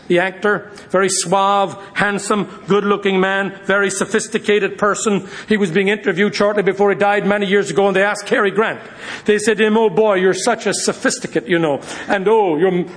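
A male pastor preaching a sermon to his church, speeding through quick asides and slowing down hard for emphasis. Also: high voice. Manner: lively preaching, shifting between quick asides and slow emphasis.

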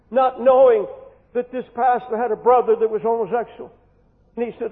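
A man's voice: very high voice, fairly quick. A man preaching an impassioned sermon, repeating words as he pleads, in a church hall. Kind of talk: fervent sermon. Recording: tinny hall recording with long echo.

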